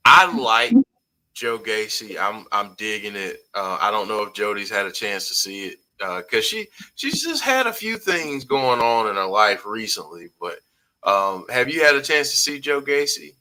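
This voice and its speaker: A man's voice: fairly low pitch, expressive, normal speed, bright, forceful tone, poor audio. A man hosting a casual live-stream talk show, reading viewer comments aloud in an easygoing way. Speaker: host.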